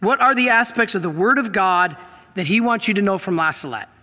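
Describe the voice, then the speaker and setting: A middle-aged man preaching from the pulpit with an unusually high, bright and forceful voice. He presses his points hard and fires questions out at the congregation, and his words ring on in the long reverb of a church. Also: animated, fairly quick. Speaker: priest. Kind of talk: sermon.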